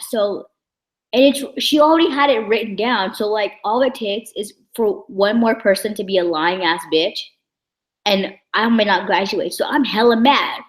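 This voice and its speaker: A woman's voice: mid-range voice, reverberant, rough recording. A young woman vlogging a casual story in a blunt, heated, profane way. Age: young adult.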